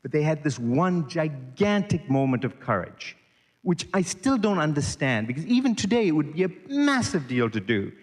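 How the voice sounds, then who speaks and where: A man's voice: fairly high pitch, very animated, moderate pace, big-room sound. A middle-aged man from Sri Lanka, a podcast guest telling a long story animatedly and acting out the voices in it.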